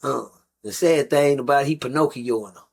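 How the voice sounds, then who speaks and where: A middle-aged man with a gravelly, creaky voice at an ordinary pitch, talking as a guest. He tells long stories in a rambling, blunt style with plenty of profanity and casual asides to his listeners. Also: a little fast, a little mellow. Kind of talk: casual storytelling.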